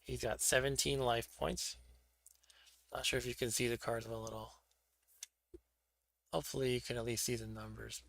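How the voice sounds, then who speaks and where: A man's voice: medium pitch, little pitch movement, moderate pace, vocal fry, long pauses, fairly bright tone, no room sound. A man hosting a board game stream, chatting casually and thinking aloud as he sets up pieces for a solo game. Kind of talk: casual solo play-through commentary.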